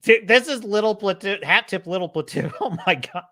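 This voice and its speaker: Lively, rambling man hosting a stream. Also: high-pitched, brisk. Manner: rambling, excitable, laughs easily. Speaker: show host. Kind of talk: casual livestream chat.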